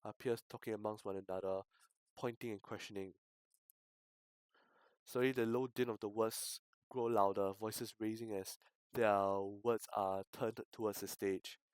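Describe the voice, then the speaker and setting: A male streamer reading a visual novel aloud, breaking off into loud outbursts and swearing. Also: on the low side, fairly even intonation, a little slow, smooth, no room sound. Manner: reads text with sudden loud outbursts and swearing.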